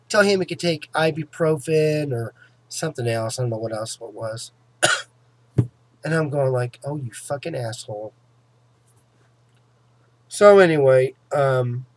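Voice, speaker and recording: A man's casual vlog covers his painful tooth extraction; his jaw is sore, and he swears, speaks emphatically, and keeps asking "okay?" His voice sits on the high side, with no room sound.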